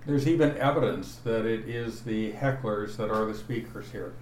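A man preaching an expository Bible sermon, teaching slowly and deliberately and stressing each verse he points to. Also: on the low side, darkish tone. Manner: slow, deliberate teaching with emphatic verse references. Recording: echoey room, voice from afar, faint noise.

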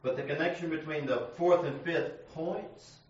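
A man's voice: on the high side, steady tone, normal speed. A male student speaks up from across a classroom, hesitant and checking that he has understood. He sounds far from the mic, with heavy room echo and a dull, muffled tone. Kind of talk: classroom question.

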